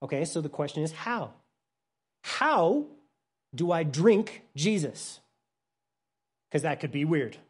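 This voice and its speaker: A Bible teacher delivers a sermon at mid-range pitch, swinging from loud emphasis down to an almost hushed softness. He explains things plainly and simply with frequent restarts, very animated yet slow, with long pauses and a slightly rough sound.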